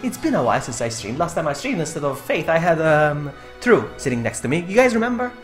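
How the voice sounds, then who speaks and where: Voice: mid-range voice, sing-song, fast, echoey room, faint music behind. A game streamer chatting casually on a live stream, giggly and greeting viewers by name.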